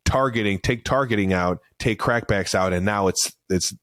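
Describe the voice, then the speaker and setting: A man co-hosting a casual sports podcast as a football receiver, animated and joking, swearing freely. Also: on the low side, moderate pace, no room sound, clean studio sound.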